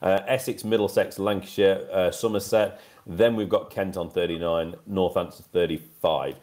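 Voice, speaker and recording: A man's voice: sits low, steady tone, moderate pace, a little mellow. A man co-hosting a cricket podcast, reading results from notes in a casual, chatty way. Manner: reads scores off notes, chatty and upbeat. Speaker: podcast co-host.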